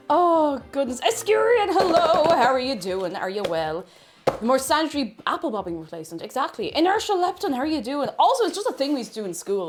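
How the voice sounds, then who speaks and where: A woman with an Irish accent hosting a casual baking livestream, chatting and greeting viewers by name as she reads the chat. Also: high voice. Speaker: livestream host.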